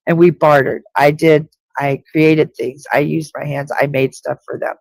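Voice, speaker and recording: A woman hosting a live psychic reading session, her voice gravelly with a dry, close sound. She speaks directly to each listener and repeats key points for emphasis. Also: deep voice, flat delivery, moderate pace, darkish tone, no echo. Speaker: psychic reader. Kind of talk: live-stream intuitive reading.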